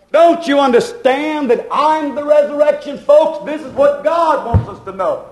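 A man's voice: extremely high pitch, roomy sound. A man preaching a sermon, pleading and asking repeated questions as he tells the story to his congregation.

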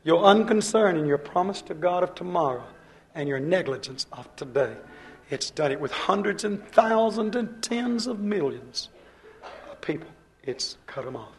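Fervent preacher man, loud then hushed. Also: high voice, expressive, moderate pace, slight background noise. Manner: acts out quoted speakers in his own voice. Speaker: pastor. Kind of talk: sermon.

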